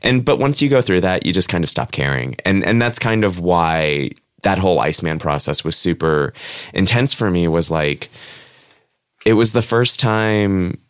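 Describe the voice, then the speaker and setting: A man's voice: low-pitched, lively intonation, normal speed, smooth, no echo, clean studio sound. A man guest on an interview show, chatting candidly and casually with lots of filler words. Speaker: guest, comic book writer.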